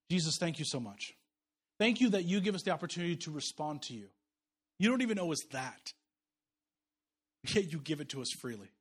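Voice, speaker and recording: A man in his thirties, a pastor preaching a sermon, swinging between loud emphatic declarations and soft, quiet storytelling. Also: high-pitched, slightly rough.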